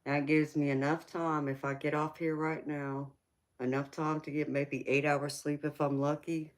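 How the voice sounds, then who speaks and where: A woman's voice: low-pitched, a little mellow. A woman with a Southern US accent, a tarot reader hosting a casual livestream chat, teasing viewers and calling them baby.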